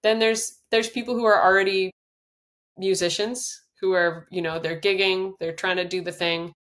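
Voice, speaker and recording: A woman's voice: medium pitch, fairly even intonation, moderate pace, a bit bright. A middle-aged woman author talking earnestly in a podcast interview, with many restarts and fillers, then reading aloud from her book. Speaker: author and guest.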